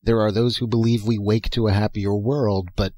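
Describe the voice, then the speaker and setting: A man's voice: on the low side, flat delivery, moderate pace, a little mellow, dry recording, natural voice. A man reading aloud and voicing a lovestruck young man who pleads urgently.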